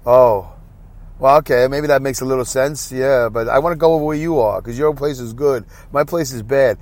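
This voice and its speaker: A man's voice: medium pitch, moderate pace, darkish tone, lightly acted. A man playing a meek, hopeful migrant at the border in a comedy skit, talking plainly and agreeably.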